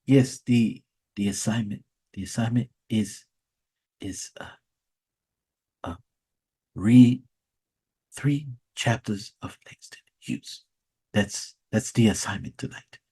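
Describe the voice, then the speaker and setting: A man doing a quiet, flat-voiced professor. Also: fairly low pitch, takes it slowly, pauses often, breathy edge, voice pushed down, heavily acted. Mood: hesitant. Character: soft-spoken monotone male college professor.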